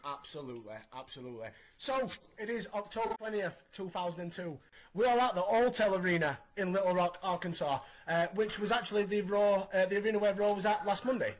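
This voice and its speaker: A man in his thirties hosting a casual podcast, recapping in an animated, opinionated way. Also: high-pitched, fairly quick. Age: 30s. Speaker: podcast host.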